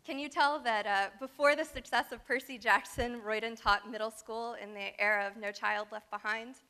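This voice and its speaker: Bright-voiced woman giving a lecture. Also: on the high side, fairly even intonation, normal speed. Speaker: guest lecturer. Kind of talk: academic lecture read from a prepared text.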